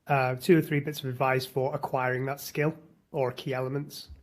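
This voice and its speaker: A man hosting a casual interview, asking relaxed, curious questions. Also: medium pitch, moderate pace, slight background noise. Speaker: podcast host.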